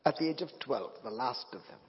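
A man's voice: medium pitch, animated, fairly quick, a little hiss or hum. Man preaching in an echoing church. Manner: emotional storytelling, rising to loud proclamations. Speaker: guest preacher. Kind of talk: sermon. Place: church sanctuary. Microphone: handheld or stand microphone. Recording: dull sound with long hall reverb.

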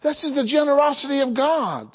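Preaching at a brisk clip, a male pastor with a very high, lively voice leads his congregation in call-and-response, urging them to answer him. The audio quality is lo-fi.

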